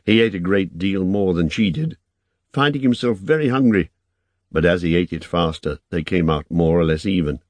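Deep voiced guy reading a novel out loud, measured and even, dry sound. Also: no echo. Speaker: narrator. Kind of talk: audiobook narration.

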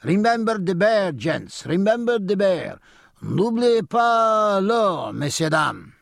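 A man's voice: medium pitch, sing-song, moderate pace, creaky, no echo, studio quality. A man voicing a cringing, wheedling foreign bear leader who speaks broken English.

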